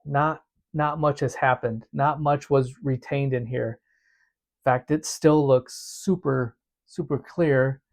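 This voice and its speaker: A man's voice: medium pitch, fairly even intonation, slow, creaky. A man teaching a devotional method in a casual, earnest way, often repeating words as he explains.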